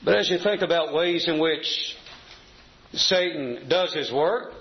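A man preaching a sermon to a congregation, reading scripture and slowing down to stress key words. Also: a little high. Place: church assembly hall. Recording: echoey, slightly dull church recording.

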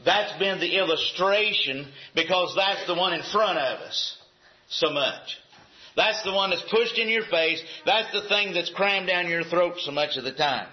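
A man's voice: high voice, a little slow. A man preaching a sermon in a church, emphatic and repetitive, firing off rhetorical questions. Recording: echoey, dull lo-fi sound.

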